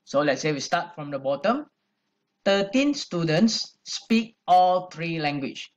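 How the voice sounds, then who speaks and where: Slow, patient male math teacher. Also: a little high, expressive, muffled recording. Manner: patient, step-by-step, repeats key numbers. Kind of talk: classroom lesson, working through an exercise.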